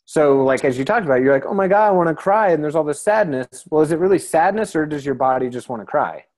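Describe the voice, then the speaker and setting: A man's voice: a little high, animated, fast, a little mellow, rough recording. A man co-hosting an online class over a video call, explaining things in an easygoing, rambling way with plenty of fillers. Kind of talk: relaxed explanatory talk.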